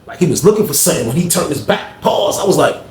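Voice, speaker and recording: A man's voice: a little high, sing-song, quick pace, heavy background noise. A man telling a story in a casual, slangy way, often adding "you know what I mean". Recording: echoey room.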